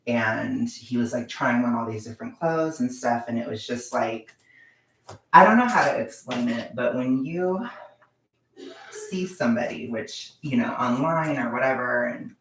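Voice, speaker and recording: A young man talks through a casual storytime vlog, his voice carrying a gravelly fry. He rambles along, stacking fillers and restarts as he goes. The sound bounces around an echoey room. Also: medium pitch, normal speed, recorded from a distance. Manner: rambling, filler-heavy storytelling with frequent "like" and "blah, blah". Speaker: vlogger.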